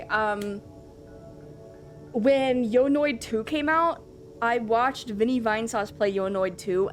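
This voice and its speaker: Woman streamer rambling to chat, kinda high voice, swears a bit, quiet music in the back. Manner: rambling, chatty, with frequent fillers and casual swearing. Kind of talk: casual live-stream chat.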